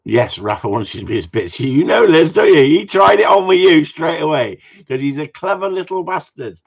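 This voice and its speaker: Husky, blunt Englishman with a lively voice. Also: a little high, normal speed, lo-fi sound. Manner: blunt, jokey, swears freely. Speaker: dog trainer hosting a live Q&A. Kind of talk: casual chat answering viewer comments.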